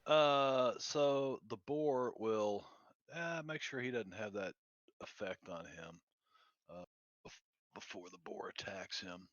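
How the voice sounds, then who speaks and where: A man plays a tabletop game, calling his moves in a deadpan, unhurried way. The sound is dry and close. The mic sounds dull and lo-fi. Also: on the low side, no echo. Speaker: player. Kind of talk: casual tabletop game play.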